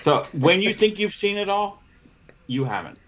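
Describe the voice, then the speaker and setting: A man hosting a casual podcast, telling a work story in an animated way and acting out the dialogue. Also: sits high, normal speed, highs cut off, slight background noise. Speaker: podcast host, window cleaning business owner.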